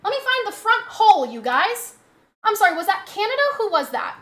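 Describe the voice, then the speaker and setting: A woman's voice: very high voice, sing-song, a little fast, pushed and bright. A young adult woman streamer in casual live-stream chat, ranting heatedly and swearing a lot.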